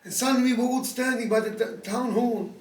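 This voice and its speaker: A heartbroken older mother confides in her grown children, halting and plain, as a man puts her on within a sermon. The voice is high and sounds far from the microphone. There is echo from the room around it. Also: fairly even intonation, a little mellow. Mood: confiding. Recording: echoey room, speaker far from the mic.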